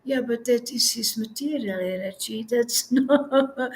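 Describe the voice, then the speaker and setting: A woman's voice: on the high side, unhurried. A woman giving a devotional talk as a spiritual teacher, laughing often and sounding tearful and effusive as she speaks.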